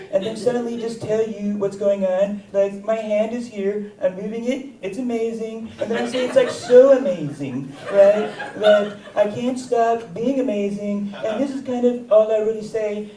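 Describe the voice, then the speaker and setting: This is a boastful politician who loops the same phrases, as a man puts him on. The voice sits slightly high. It is picked up from afar in a roomy theater. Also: dark tone, close to an everyday voice. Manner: repetitive, boastful, gesturing. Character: impression of a boastful president. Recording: roomy theater sound, distant mic.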